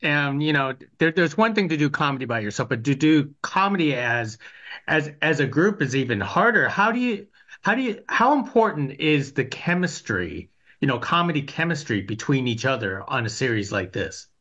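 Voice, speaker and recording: Interviewer with a sharp lively voice, restarts questions a lot, muffled lo-fi audio. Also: medium pitch, normal speed.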